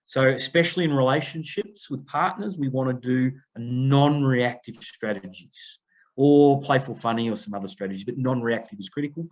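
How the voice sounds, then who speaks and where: A mid-range male voice at normal speed belongs to a middle-aged Australian coach focused on people-pleasing. In a conversational podcast interview he recounts stories with energy, acting out the phone quotes and the other voices involved.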